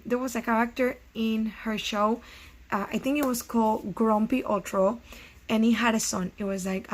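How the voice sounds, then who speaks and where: A middle-aged woman teacher giving a recorded science lesson to first graders, explaining slowly and asking the children questions. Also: on the high side.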